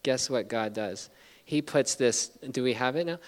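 A man's voice: medium pitch, normal speed. A middle-aged man preaching a sermon, telling a story earnestly with many restarts. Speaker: pastor. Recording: long reverb of a large hall.

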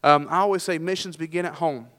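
A man's voice: fairly high pitch, fairly even intonation, fast, fairly bright tone, big-room sound. A middle-aged man preaching a sermon as pastor, folksy and self-deprecating, with frequent restarts.

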